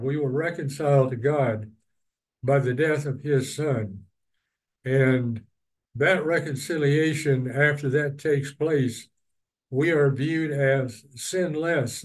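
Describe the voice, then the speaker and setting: A man's voice: medium pitch, poor audio. A man teaching a Bible study, reading verses and then explaining them at length with personal asides. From East Texas.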